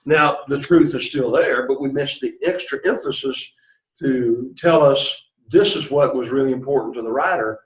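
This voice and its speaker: A man teaching a Greek class, explaining at length and often checking in with "okay" and "all right.". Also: medium pitch. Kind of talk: classroom lecture. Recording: echoey classroom, dull lo-fi sound.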